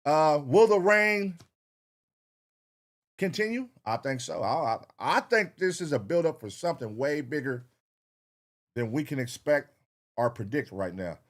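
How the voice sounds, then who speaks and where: A man's voice: a little high, lively intonation, a little slow, long pauses. A man hosting a reaction show, talking casually and profanely straight to his viewers.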